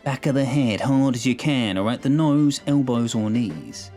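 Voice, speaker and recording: A man's voice: mid-range voice, lively intonation, normal speed, mellow, soft background music, voice pushed up, close to an everyday voice. A man voicing Gong, a brash male agent who talks in blunt, clipped lines in a sci-fi audio story. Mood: gruff. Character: brash, violent male agent, eager for action.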